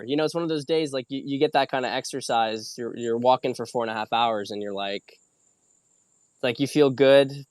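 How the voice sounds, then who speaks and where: A young man talks in a casual, rambling way, often restarting his sentences as he explains things to viewers. His voice is smooth and clear, sitting at an ordinary pitch. The sound is dry and close, with no room echo, and he seems a little tired. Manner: rambling, self-correcting, conversational teaching. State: a little tired after a long hike. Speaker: host. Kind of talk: casual solo video chat and wine lesson.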